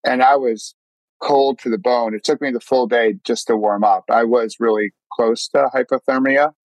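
A man's voice: mid-range voice, fairly even intonation, moderate pace, dry recording, poor audio. A man telling a personal story as a podcast guest, earnest, acting out his own thoughts and often restarting words. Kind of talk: casual storytelling.

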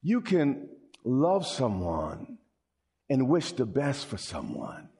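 A man preaching a sermon, playful and animated, acting out quotes and joking with the congregation. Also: medium pitch, takes it slowly.

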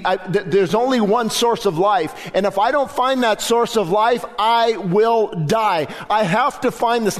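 A man preaching a sermon as pastor, with a fervent delivery in a church service that swells to loud, emphatic declarations. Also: sits high. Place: church sanctuary during a service.

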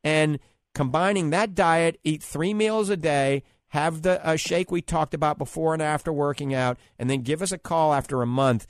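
A man with a New Orleans accent co-hosting a radio health show, giving upbeat, persuasive advice and pitching products. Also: moderate pace, dry recording, clean studio sound.

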